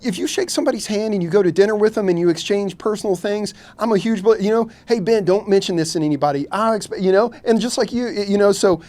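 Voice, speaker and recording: His voice sits high and a little mellow, and he speaks fast with hardly any pauses. A fishing captain from Kentucky, he rambles frankly in a casual podcast interview, admits he has no filter, and keeps saying "man" and "you know."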